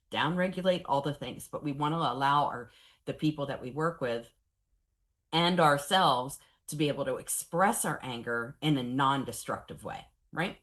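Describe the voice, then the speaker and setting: A woman in her forties leads a professional training session on traumatic grief. Her voice sits low, and she talks with candid, animated energy and a wry sense of humor. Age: 40s.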